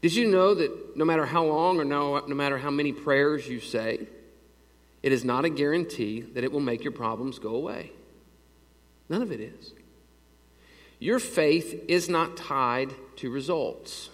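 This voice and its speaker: A man preaching a conversational sermon, telling stories and asking his listeners questions in a folksy way. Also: a little high. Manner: folksy, asks the crowd questions, quick asides. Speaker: pastor. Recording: long reverb of a large hall.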